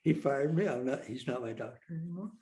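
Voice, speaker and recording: A man's voice: mid-range voice, quick pace, reverberant. An older man, a guest in an interview, telling a funny anecdote and acting out each voice in it. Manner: animated storyteller, acts out dialogue with a lively voice. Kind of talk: storytelling anecdote.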